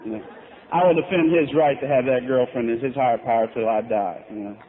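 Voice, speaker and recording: In a convention hall, a middle-aged recovery speaker gives a candid, self-mocking account of his journey. He talks briskly in a mid-range voice with fairly even intonation, captured on tinny lo-fi tape with a faint hiss.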